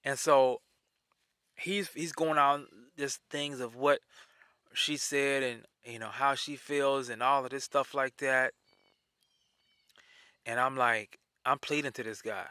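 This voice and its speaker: A man telling a personal story in a casual, animated way, often repeating himself. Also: mid-range voice, takes it slowly, long pauses, clear, resonant tone, no room sound, clean studio sound.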